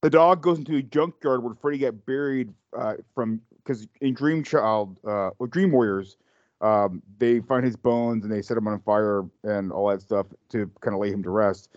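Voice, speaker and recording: A man's voice: lowish voice, moderate pace, a little mellow, no room sound. A man in casual chat about a movie, rambling with lots of fillers and swearing. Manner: rambling, profane, many fillers. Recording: dull lo-fi sound.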